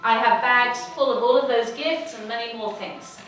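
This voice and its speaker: Middle-aged woman, lively humorous storyteller, fairly high voice, echoey hall, heard from a distance. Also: normal speed, soft background music. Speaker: speaker. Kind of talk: storytelling talk. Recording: echoey hall, mic from far off.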